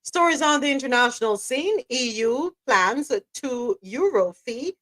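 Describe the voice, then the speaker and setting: Woman radio host, high-pitched, animated casual banter with patois. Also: a little slow. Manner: animated, laughs often, patois asides. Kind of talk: casual live radio chat.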